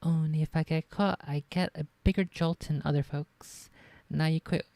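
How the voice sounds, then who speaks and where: Woman reading as weary country guy on parole, drawly folksy talk, gravelly. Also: sits low, fairly even intonation, normal speed, mellow, no room sound. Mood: reassuring. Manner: drawled folksy dialect read aloud. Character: weary rural American man on parole.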